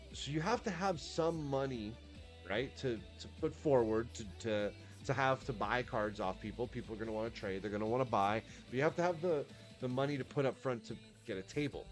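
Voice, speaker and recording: A man chatting casually on a livestream, laid-back and swearing freely, often restarting his sentences. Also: medium pitch. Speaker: streamer.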